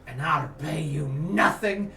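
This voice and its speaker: A man's voice: a little high, takes it slowly, creaky, pushed and bright, echoey room, distant mic, soft background music, full character voice. A man voicing a feral male goblin who growls ominously under his breath. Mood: menacing.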